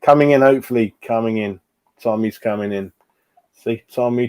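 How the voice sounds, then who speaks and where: A man's voice: fairly low pitch, brisk, clean tone, highs cut off. A man, hosting a casual live stream as a football fan, chatting and reading out viewers' comments. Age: 40s. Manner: chatty, reads chat aloud, calls everyone mate. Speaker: fan channel host.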